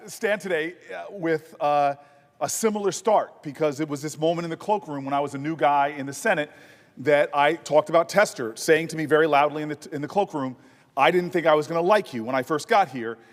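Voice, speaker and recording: A man with a fairly high voice gives a floor speech, and his voice rings out through the long reverb of a large chamber. He talks in an animated, anecdotal way with a humorous edge. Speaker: senator.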